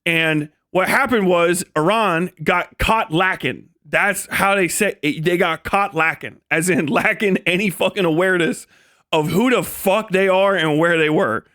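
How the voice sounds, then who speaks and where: A man with a high, bright, sharp voice rants on a live stream. He swears constantly, mocks as he goes, and keeps cracking himself up. He slips into jokey put-on voices for the people he quotes. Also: measured pace. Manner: profane, mocking, laughs often while riffing. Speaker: livestreamer. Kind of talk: live stream commentary rant.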